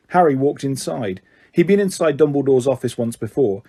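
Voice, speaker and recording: Man, audiobook narrator, steady storytelling, warm, husky. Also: medium pitch, moderate pace.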